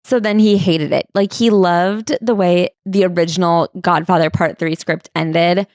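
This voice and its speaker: A woman's voice: fairly low pitch, steady tone, a little slow, a little mellow, dry recording, studio quality. Chatty woman podcaster joking about a memoir. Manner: chatty, jokes about the topic. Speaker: podcast co-host. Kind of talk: casual book club chat.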